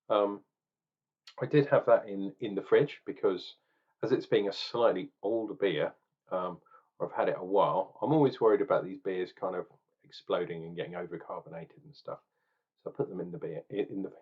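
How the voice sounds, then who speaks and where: Man, beer tasting vlog, lively intonation, chatty, hesitant, muffled lo-fi recording. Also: fairly low pitch, slightly rough. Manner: chatty, thinking aloud with ums and restarts. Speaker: beer reviewer.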